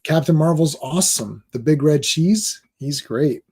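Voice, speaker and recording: A Canadian man chats casually on a comic book podcast, rambling from one joke to the next. His voice sits a little high but sounds dark and mellow. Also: expressive, measured pace, husky. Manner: rambling, jokey, tells anecdotes with quoted voices. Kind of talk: casual chat.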